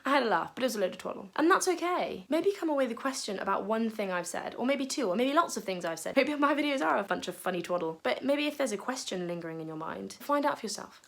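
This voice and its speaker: A woman tells a Bible story to young people, chatty and comic, breaking into gasps and playful asides. Her voice sits fairly high and swoops around a lot. She talks at a fast clip. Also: fairly bright tone. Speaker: youth leader. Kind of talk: lively retelling of a Bible story for youth.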